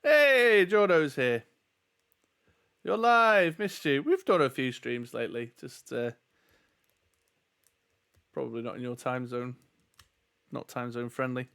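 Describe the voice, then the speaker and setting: A man playing a gamebook on a live stream, chatty and excitable, reacting quickly. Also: mid-range voice, gravelly. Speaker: player. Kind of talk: casual live-stream chat while playing.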